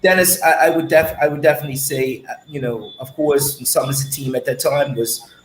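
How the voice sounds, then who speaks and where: Easygoing former cricketer in an echoey room. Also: male voice, medium pitch, slight background noise. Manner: relaxed, drawn-out, says man often. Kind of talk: casual reminiscing chat.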